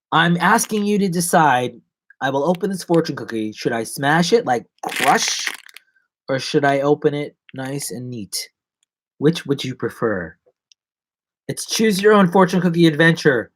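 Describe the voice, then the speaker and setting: A man's voice: fairly high pitch, a bit bright, slight background noise. A man hosting a casual live stream, rambling and joking as he chats to viewers from his seat at home. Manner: rambling, playful and jokey. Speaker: livestream host. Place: seated at home.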